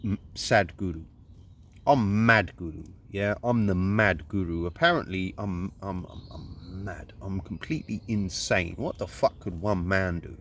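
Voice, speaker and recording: A man's voice: low voice, unhurried, a bit bright, a little hiss or hum. A man with a Luton accent delivering a rambling, indignant monologue, swearing constantly. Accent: English, Luton. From Luton, England. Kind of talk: profane ranting monologue.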